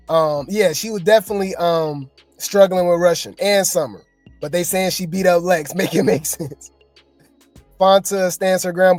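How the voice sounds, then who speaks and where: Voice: mid-range voice, darkish tone, no room sound. A host giving casual, slangy reaction commentary, chatting and joking with viewers.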